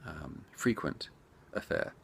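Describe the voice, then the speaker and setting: A man who develops indie games speaks slowly while chatting to his viewers directly, rambling through their questions in a casual Q&A. There's a bit of hiss or hum in the background.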